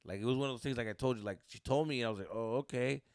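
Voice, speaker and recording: A man's voice: medium pitch, racing, darkish tone, no room sound, studio quality. A young man co-hosting a podcast, telling a story in casual chat, swearing freely and dropping Spanish slang. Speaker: podcast co-host.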